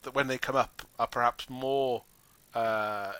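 A man casually discussing a film with a friend in a wry, animated way, swearing now and then. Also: medium pitch, unhurried, clear, resonant tone, no echo. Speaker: podcast co-host.

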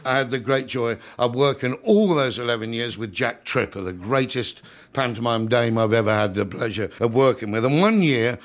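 A man's voice: mid-range voice, animated, normal speed. An older man from England, a comedian telling showbiz anecdotes to an audience in a chatty, storytelling way, often chuckling and acting out other people's voices.

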